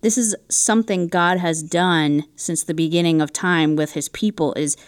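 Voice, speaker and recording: A woman with a lower voice joins the podcast talk as co-host. She offers her points in a thoughtful, reflective way. The recording is dry and close. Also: steady tone, normal speed, no room sound. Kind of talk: podcast conversation.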